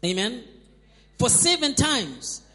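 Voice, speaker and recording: A man's voice: very high-pitched, sing-song, slow, bright, forceful tone. A man preaching a sermon, emphatic and repetitive, calling on the congregation to respond. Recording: long hall reverb.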